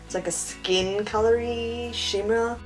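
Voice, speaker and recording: A woman's voice: fairly high pitch, steady tone, a little slow, soft background music. A young woman chatting casually and self-mockingly through a makeup tutorial. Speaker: beauty vlogger.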